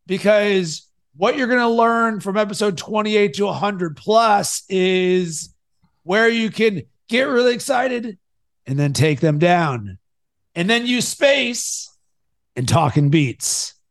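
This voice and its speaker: Guy with a high voice coaching a podcaster, super energetic, goes loud then soft. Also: slow pace. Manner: energetic, swings between loud and soft to demonstrate. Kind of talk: coaching conversation.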